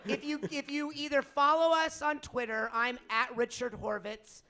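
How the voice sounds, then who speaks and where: A man with a very high, bright and sharp voice, bantering on a convention panel. He is excitable and playful, tossing out jokes. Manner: playful, excitable, quick to laugh.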